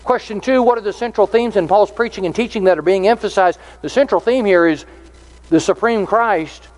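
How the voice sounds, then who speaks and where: Man, preacher, sermon, fairly high voice, earnest, explains verse by verse. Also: brisk. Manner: earnest, explanatory, reads scripture aloud.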